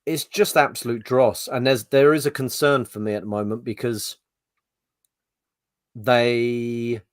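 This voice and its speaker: A man's voice: mid-range voice, fairly even intonation, unhurried, no echo. A middle-aged man in a casual podcast chat, venting and grumbling with frequent swearing. His voice sits mid-range, close and dry with no room around it. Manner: ranting, exasperated, swears freely. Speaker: podcast co-host.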